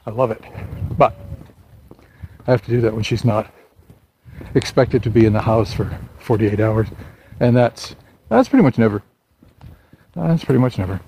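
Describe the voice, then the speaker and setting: A man's voice: medium pitch, animated, normal speed, pauses often, warm tone. A man chatting casually to the camera while out on a walk, rambling and poking fun at himself. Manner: rambling, chatty, self-deprecating. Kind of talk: casual walking vlog monologue. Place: outdoors on a walk through a neighborhood. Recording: clear outdoor background noise.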